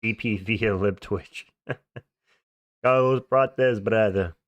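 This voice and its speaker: A man's voice: fairly low pitch, drawn-out words, dry recording, highs cut off. A young man hosting a livestream, chatting casually and answering viewer comments in slangy, offhand talk. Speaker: livestream host.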